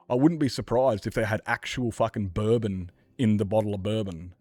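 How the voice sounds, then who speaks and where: An Australian man streaming a game, chatting casually in a rambling, sweary, animated way. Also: fairly low pitch, fairly quick, hardly any pauses, dry recording, studio quality. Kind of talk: casual chat while gaming.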